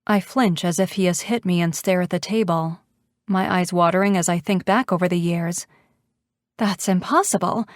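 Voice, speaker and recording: A woman narrating a first-person romance audiobook in an expressive, intimate way. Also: on the low side, normal speed, no room sound, clean studio sound.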